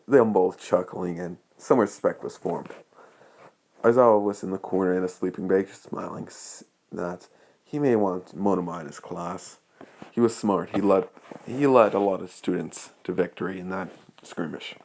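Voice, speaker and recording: A man's voice: sits low, normal speed, creaky, darkish tone. A man improvising a fan story as narrator, rambling with many restarts.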